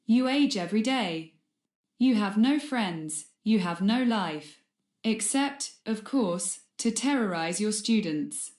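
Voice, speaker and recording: A woman's voice: medium pitch, lively intonation, slow, a little mellow. A woman doing an upset, pleading headmistress. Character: fearful woman headmistress who finally shrieks. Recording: roomy echo.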